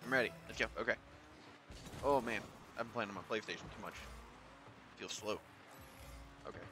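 A man giving casual commentary on his own gameplay. He thinks aloud in a chatty way and jumps into excited high yelps. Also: normal speed, music in the background. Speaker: YouTuber.

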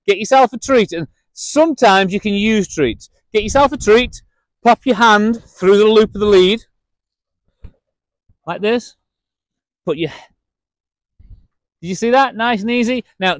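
Blunt, high-voiced dog trainer. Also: male voice, no room sound. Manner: blunt, opinionated, mocks baby talk in a high voice. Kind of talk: direct-to-camera training advice.

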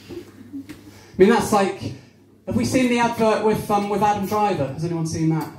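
A man's voice: sits high, normal speed, a little mellow. A young man from Devon doing a stand-up comedy set at a small cafe-bar, chatting with the crowd and acting out voices. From Devon, England. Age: young adult. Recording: roomy venue with faint crowd noise.

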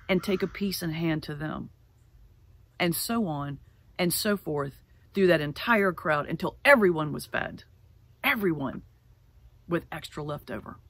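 A middle-aged woman pastor giving a sermon, telling a folk tale in an animated way and slowing down to stress key words. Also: mid-range voice, vocal fry, no echo. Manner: animated storyteller, slows for emphasis. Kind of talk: sermon with storytelling. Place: church sanctuary.

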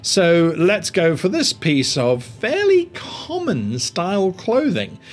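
A man on a screen-recording voice-over explains tabletop game mastering, thinking aloud and often restarting sentences. His voice is fairly high and swoops widely in pitch. Faint music runs in the background. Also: slow pace. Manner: animated, rambling, thinks aloud with many restarts. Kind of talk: tabletop roleplaying tutorial.

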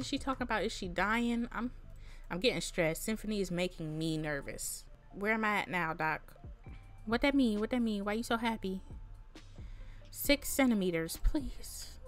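A woman giving expressive, chatty game commentary, full of casual slang, quick exclamations and laughter. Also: on the high side. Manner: casual slang-heavy talk. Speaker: gaming content creator. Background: faint background music.

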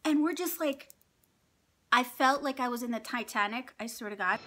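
A middle-aged woman vlogger telling a story in casual chat, animated and laughing often as she acts out what people said. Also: on the high side, moderate pace, background noise. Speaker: mukbang vlogger.

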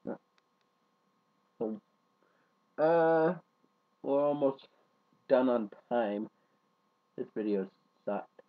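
A man talks to his viewers in a slow, drawn-out vlog ramble. He sinks into quiet mumbles, then flares up into loud rants. The recording is muffled and lo-fi. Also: mid-range voice, expressive. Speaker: vlogger. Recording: dull lo-fi home recording.

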